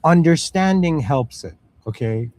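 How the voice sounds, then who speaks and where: A man's voice: fairly high pitch, lively intonation, a little slow, a little mellow, a little hiss or hum. A man in his thirties with Middle Eastern roots giving a casual spoken lecture, full of "you know" and "okay", acting out little dialogues. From Middle East. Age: 30s. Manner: acts out parent and child voices.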